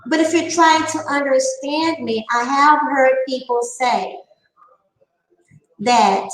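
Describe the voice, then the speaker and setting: A woman with a Southern twang and a high voice, speaking in a casual vlog. She talks in a defiant, emphatic way, drawing out her words slowly. Her voice rings in an echoey room. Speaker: channel host.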